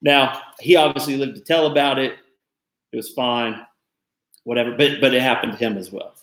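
Male co-host, average pitch, halting thoughtful delivery, echoey room. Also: fairly bright tone, slight background noise. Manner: thoughtful, halting, restarts often. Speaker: podcast co-host. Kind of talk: casual discussion.

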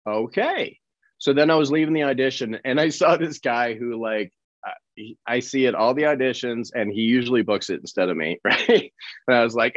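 A man from Colorado, an actor guest on an interview podcast, telling lively anecdotes and acting out the people in them. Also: medium pitch, no echo. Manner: animated storyteller who acts out quoted people. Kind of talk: casual interview storytelling. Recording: slightly dull, dry recording.

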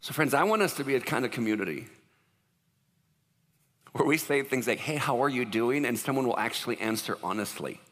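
Animated male pastor preaching in a hall. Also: medium pitch, a little fast, pauses often. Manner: animated, conversational preaching with acted-out quotes. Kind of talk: sermon.

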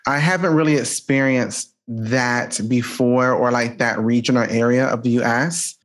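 A man's voice: medium pitch, fairly even intonation, moderate pace. A man hosting a podcast, chatty and emphatic, mixing French greetings into his English. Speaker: podcast host. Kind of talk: casual podcast chat.

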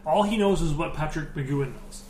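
A man's voice: a little high, brisk. A man co-hosting a casual podcast chat, teasing his co-host with dry sarcasm. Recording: echoey room, faint noise.

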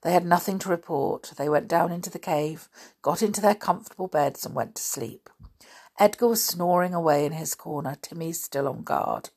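A woman's voice: lowish voice, moderate pace, a little mellow. A woman reading a children's adventure novel aloud, with chatty asides. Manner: chatty asides and frequent throat clearing. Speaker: storybook reader.

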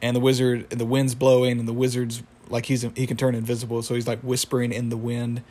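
A man's voice: medium pitch, completely flat delivery, brisk, warm tone. A young man casually recapping a cartoon episode, rambling with fillers and laughs.

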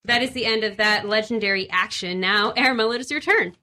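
Bright-voiced woman game master. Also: medium pitch, brisk. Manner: casual, giggly, full of fillers. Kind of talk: narrating a tabletop game.

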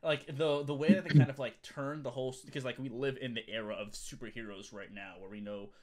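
A man's voice: medium pitch, steady tone, fairly quick, darkish tone. A man co-hosting a podcast in casual chat, rambling with many fillers and restarts. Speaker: podcast co-host.

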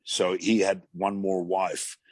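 A man with a gravelly voice, a talk show guest telling rambling anecdotes with many restarts. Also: deep voice, little pitch movement, slow, no room sound. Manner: rambling storyteller with frequent restarts.

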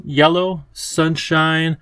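A man voicing an eager young girl who talks in a bright, eager way. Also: on the high side, little pitch movement, extremely slow, clear, resonant tone, no room sound, pitched above the performer's own voice, heavily acted.

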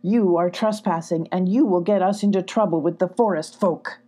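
A woman's voice: fairly low pitch, moderate pace, warm tone, natural voice. A woman voicing an angry, territorial male badger who growls his warnings in a storybook reading. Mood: growling angry. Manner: growling, hostile.

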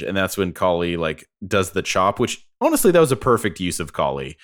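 A man's voice: sits low, very animated, a little fast. A man co-hosting a podcast, chatting casually and playfully about wrestling and laughing often. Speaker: podcast co-host. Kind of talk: casual wrestling review chat.

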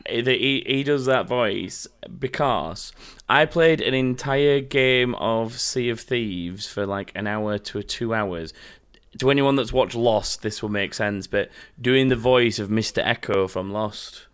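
A man's voice: mid-range voice, measured pace, a bit bright, clear, resonant tone. A man hosting a casual podcast, chatting loosely with many restarts and frequent laughs. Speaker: podcast host.

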